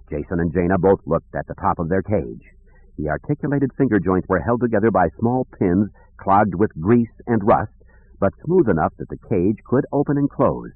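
A man reading an audiobook aloud in a measured, expressive storytelling manner. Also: deep voice, no echo. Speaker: audiobook narrator. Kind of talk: scripted audiobook narration. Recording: tinny lo-fi audio, dry.

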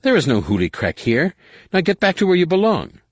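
A short, arrogant alien officer barks curt orders in a raised, lively voice, as a male narrator plays him. His commands come clipped and contemptuous. Dry, close recording. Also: sits high, a little fast, slightly rough, dry recording, pitched above the performer's own voice, full character voice. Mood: commanding.

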